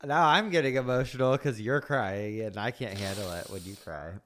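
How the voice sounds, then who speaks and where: A woman's voice: extremely low pitch, moderate pace, a little hiss or hum. A woman co-hosting a podcast, bantering playfully and reading out a listener's post. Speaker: podcast co-host.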